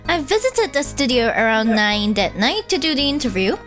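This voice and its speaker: A woman's voice: normal speed, faint music behind. A woman reading as a brash tabloid newsman. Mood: boastful. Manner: ends boasts with a spoken "end quote"; excitable, jumping pitch. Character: brash male tabloid journalist, attention-seeking. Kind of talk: reading game dialogue aloud.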